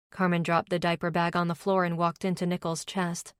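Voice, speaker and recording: A woman narrating a romance audiobook in first person, steady and even, on a close studio mic. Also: lowish voice, brisk, few pauses, smooth, no room sound.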